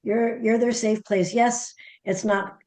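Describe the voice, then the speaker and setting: A woman's voice: on the high side, level tone, takes it slowly, a little mellow. A middle-aged woman, a parenting author guest, telling a story animatedly and acting out the dialogue. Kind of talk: conversational storytelling interview.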